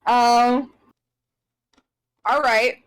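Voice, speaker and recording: A woman's voice: fairly high pitch, steady tone, extremely slow, clear, resonant tone. A woman narrating as game master of a tabletop game, describing scenes in a rambling, searching way.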